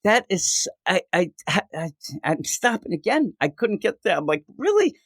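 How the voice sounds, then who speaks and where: An animated man riffing on comic books with a co-host. His voice sits on the higher side and leaps all over the place as he acts out panel dialogue. The sound is dry and close, with no room around it. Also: normal speed, no room sound. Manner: repeats and restarts words when excited. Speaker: podcast co-host. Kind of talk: casual chat about comics.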